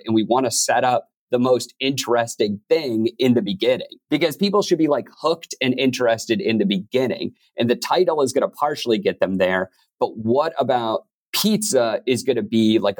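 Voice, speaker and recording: A man's voice: mid-range voice, dry recording. A man talking casually and reflectively in an interview, with many "like"s. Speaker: podcast host and narrator. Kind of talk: interview conversation.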